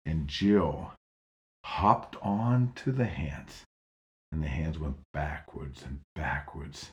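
A man's voice: extremely low pitch, slow pace, highs cut off. A man narrating a children's Bible story expressively, with dramatic swings in delivery.

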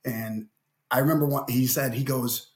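A man's voice: mid-range voice, fairly even intonation, moderate pace. A middle-aged man from Ohio, a podcast guest telling a story animatedly with stammering restarts. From Ohio, USA. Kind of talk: conversational interview.

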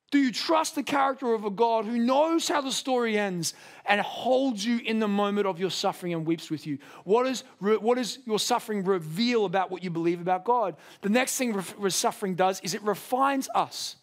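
A man preaching a sermon, building with passion toward emphatic peaks and dropping low for quiet moments. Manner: impassioned, rising to a near shout at climaxes. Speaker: pastor.

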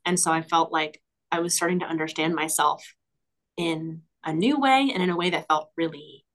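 A woman's voice: deep voice, normal speed, fairly bright tone. A woman speaking as a guest on a podcast, in a reflective, enthusiastic way, with frequent fillers and small laughs. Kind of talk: casual conversational interview.

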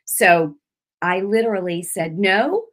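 A middle-aged woman gives a personal testimony of faith, in the manner of a sermon. Her retelling is emotional and animated, full of fillers and restarts. Now and then she swells into an intense, raised voice as she acts out her prayers. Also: mid-range voice, moderate pace. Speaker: Christian speaker giving a testimony.

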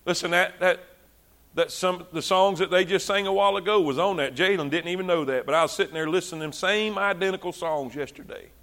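A male preacher delivers a fervent sermon in a high, bright voice. He talks conversationally and repeats phrases to drive his points home. His delivery is loose, with frequent restarts as he gathers momentum. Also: quick pace.

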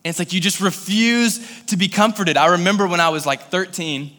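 A man's voice: high voice, fairly quick, bright, forceful tone, in a large hall. A man from Kentucky preaching a sermon in a casual, conversational way, growing intense and pleading in prayerful passages. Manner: conversational, filler-heavy storytelling. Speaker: pastor.

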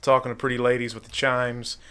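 A man in his forties from Baltimore, a radio and wrestling personality telling stories in an animated, casual way. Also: mid-range voice, brisk. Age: 40s. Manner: animated storyteller. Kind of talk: casual conversation.

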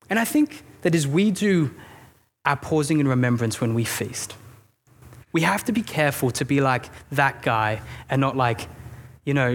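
A man's voice: medium pitch, a little hiss or hum. Male pastor, mid-range voice, chatty earnest sermon with personal stories. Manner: earnest, conversational storytelling with self-deprecating asides; repeats words and restarts when thinking aloud.

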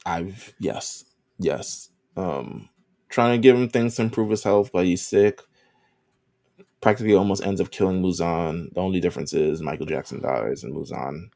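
A man's voice: low voice, moderate pace, vocal fry, warm tone, dry recording, clean studio sound. A man co-hosting a podcast, recapping an anime season in casual chat, rambling with lots of ums and casual swearing. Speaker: podcast co-host.

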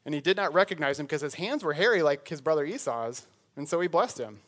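A man's voice: fairly high pitch, animated, quick pace, fairly bright tone. A man preaching a sermon in a conversational way, breaking off into joking asides. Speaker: pastor.

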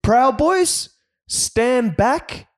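A man putting on a deliberately poor impression of a blustering male politician, his voice pushed up high. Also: lively intonation, full character voice. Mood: commanding.

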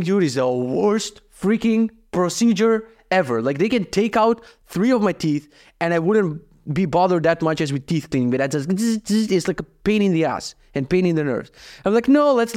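A young man from Croatia rattles through his day at a quick clip, swearing freely. He acts out both sides of every conversation in an animated podcast monologue, with his voice sitting at an ordinary middle pitch. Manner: profane, animated, acts out his own dialogue. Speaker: podcast host. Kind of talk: casual storytelling monologue.

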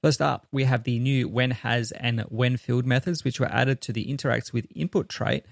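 A man co-hosts a podcast in relaxed, casual chat, often stopping to restart his sentences. His voice is mid-pitched and gravelly. It sounds close and dry, with no room echo. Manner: easygoing, halting, with frequent restarts. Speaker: podcast co-host.

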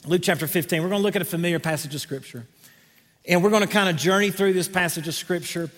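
A middle-aged pastor from North Carolina with a Southern accent, preaching a folksy, enthusiastic sermon from a church stage. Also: male voice, high voice, fast talker, a bit bright. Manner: folksy and enthusiastic, joking with the congregation. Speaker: guest pastor. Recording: long reverb in a large hall with a congregation.

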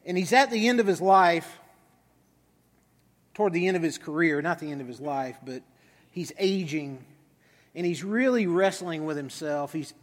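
A man's voice: on the high side, lively intonation, normal speed, long pauses. A man preaching a sermon as pastor, in a conversational storytelling manner with some fillers. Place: large church hall. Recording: reverberant hall.

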